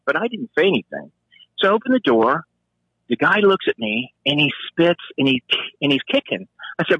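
A man, a former police officer and Marine, telling a profane story in an animated way and acting out the voices he quotes. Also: a little fast, breathy edge, no room sound, lo-fi sound. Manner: profane, acts out quoted voices with sharp pitch jumps.

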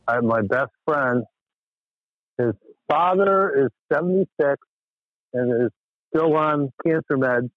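A man's voice: medium pitch, dry recording. A man from Western Massachusetts calling in, telling a rambling, exasperated story with many restarts. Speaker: caller. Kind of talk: casual call-in chat. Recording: tinny phone line.

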